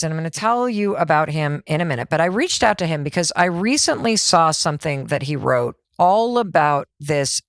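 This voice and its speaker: A middle-aged woman hosting a motivational podcast, talking in an energetic, conversational way and asking herself rhetorical questions. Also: fairly low pitch, no echo, clean studio sound. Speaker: podcast host.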